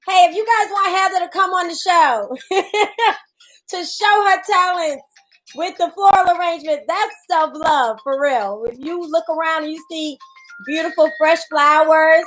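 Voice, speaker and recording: A chatty woman host with a very high, bright-sounding pitch greets her live viewers one by one. She takes her time, drawing words out at an easy, unhurried pace. Faint jazz plays quietly in the background. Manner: playful and chatty, greets viewers by name, laughs often. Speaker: host of a live morning chat show. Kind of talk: casual live-stream chat. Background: faint jazz music.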